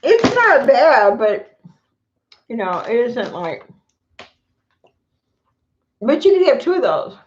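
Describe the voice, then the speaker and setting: A woman's voice: a little high, very animated, slow, long pauses. A middle-aged woman chatting casually on a live stream at home, talking to viewers and her pets, recorded on a phone or camera mic. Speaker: vlogger. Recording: echoey room, dull lo-fi sound.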